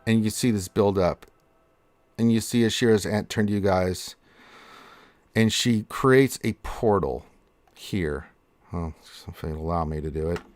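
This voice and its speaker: A man's voice: lowish voice, unhurried, pauses often, darkish tone. A man narrating as dungeon master in a tabletop game, casual and laughing now and then. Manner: casual, laughs often, fillers while narrating.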